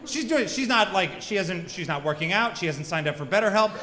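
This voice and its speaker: Millennial comic man, high-pitched, crowd work, loud laughing house, long reverb. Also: lively intonation, brisk. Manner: crude, self-mocking, chatty with the crowd. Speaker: stand-up comedian. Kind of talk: stand-up set. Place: comedy club stage. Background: audience laughter.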